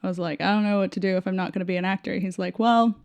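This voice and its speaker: Animated woman telling stories. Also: medium pitch, very fast, gravelly, clear, resonant tone. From United States. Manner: animated storyteller who acts out quoted dialogue, laughs often. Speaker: podcast guest. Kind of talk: casual interview storytelling.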